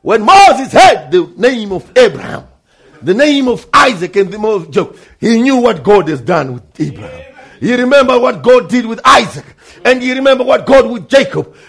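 Male preacher, high and husky; emphatic sermon, repeats lines, swings between low asides and shouts. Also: big pitch swings, normal speed. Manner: emphatic, repeats phrases, calls out to brother and sister.

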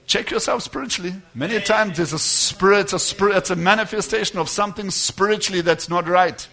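Bright-voiced emphatic male preacher. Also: high voice, a little fast, gravelly, few pauses. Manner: emphatic, rising to loud declarations and dropping to quiet asides. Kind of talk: sermon.

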